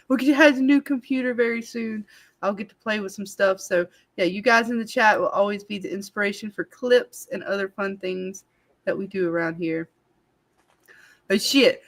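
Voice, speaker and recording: Animated woman hosting a live stream. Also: mid-range voice. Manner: animated, laughing, rambling with many fillers. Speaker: channel host. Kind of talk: casual live-stream chat.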